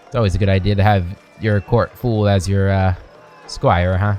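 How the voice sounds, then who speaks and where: Low-voiced man reading game text. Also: steady tone, a little mellow, soft background music. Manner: reads game text aloud slowly, with asides. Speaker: game streamer. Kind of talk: narrating a video game playthrough.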